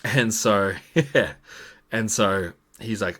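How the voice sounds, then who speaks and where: A man's voice: on the low side, takes it slowly, fairly bright tone. A man acting as game master, casually recapping a tabletop campaign in a rambling way with many fillers.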